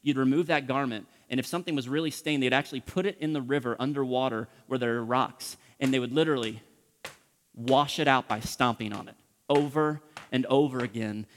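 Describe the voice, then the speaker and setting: A man preaching a sermon as pastor, impassioned, acting out prayers and dropping from loud pleading to hushed whispers. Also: mid-range voice, fairly quick, big-room sound, a little hiss or hum.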